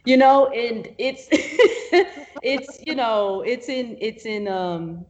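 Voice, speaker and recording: Animated woman telling a work story. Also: a little high, extremely slow. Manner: animated storyteller, acts out quotes, frequent laughs and fillers. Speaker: videographer guest. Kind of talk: casual interview storytelling.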